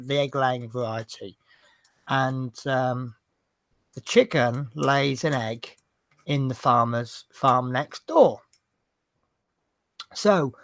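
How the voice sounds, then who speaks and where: A man's voice: a little high, fairly bright tone. A man hosting a casual hobby show, rambling through jokes and banter. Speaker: host. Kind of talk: casual chat, telling jokes.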